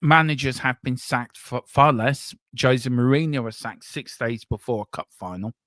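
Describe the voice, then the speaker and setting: A man's voice: medium pitch, normal speed, fairly bright tone, no echo, studio quality. Frank rambling male fan-show host. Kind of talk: casual fan talk show.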